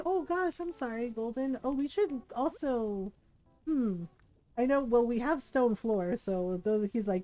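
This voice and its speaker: A woman streamer with a slightly high voice talks at an unhurried pace, musing over choices as she plays. She giggles often and fills pauses with ums and likes, with faint music playing behind her. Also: dark tone. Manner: chatty, giggly, thinks aloud with many fillers. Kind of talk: casual gameplay commentary.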